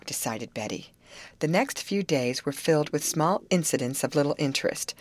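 A woman's voice: low voice, dry recording. A woman narrating a novel as an audiobook, reading steadily and lifting her voice for the quoted speech. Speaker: audiobook reader.

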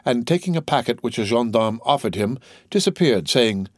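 A man narrating a classic novel as an audiobook in a steady, measured reading. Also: mid-range voice, dry recording, studio quality.

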